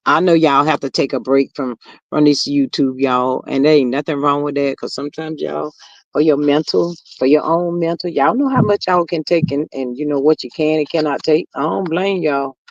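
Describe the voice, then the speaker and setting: A woman hosting a livestream in casual chat, reading comments aloud in a chatty, drawling way that swings high and low. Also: steady tone, moderate pace, no room sound, dull audio.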